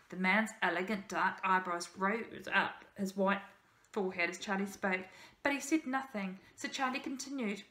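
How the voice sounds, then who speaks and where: Bright-voiced teacher reading a story aloud. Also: female voice, mid-range voice, normal speed. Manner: steady storybook narration with small slips. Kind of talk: reading a children's novel aloud. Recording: roomy echo.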